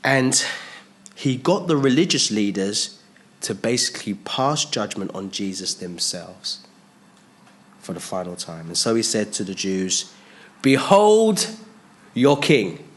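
A man teaching an expository sermon on a Bible passage. He voices the speakers in the text and rises and drops sharply in pitch and volume. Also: measured pace, fairly bright tone. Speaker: preacher.

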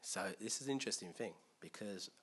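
A man preaching a conversational sermon, animated and thinking aloud, switching between loud emphasis and quiet asides. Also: on the low side, fast. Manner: thinks aloud with restarts and acts out quotes.

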